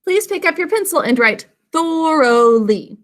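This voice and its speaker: A woman teaching an online spelling lesson to children over a video call, sounding out words slowly and giving frequent praise. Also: high-pitched, very animated. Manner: slow, deliberate enunciation with praise.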